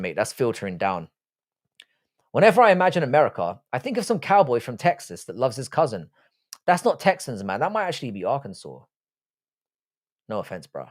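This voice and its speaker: A British man hosting a live stream, chatting casually and reading out viewer comments. He rambles and swears freely, often restarting his sentences. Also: medium pitch. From Britain. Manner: rambling, frank and profane, many restarts.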